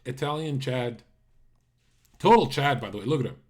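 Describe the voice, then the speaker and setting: A man streaming live and ranting at his chat in a blunt, profane way. He fires off incredulous rhetorical questions in a voice of middling pitch. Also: moderate pace, a little mellow. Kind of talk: casual live-stream commentary.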